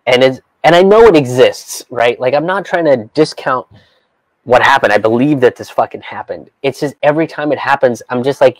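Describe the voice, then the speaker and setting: A man's voice: mid-range voice, fairly quick, dry recording, rough recording. A man giving a profane, incredulous rant while reading from an article. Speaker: comedian vlogger.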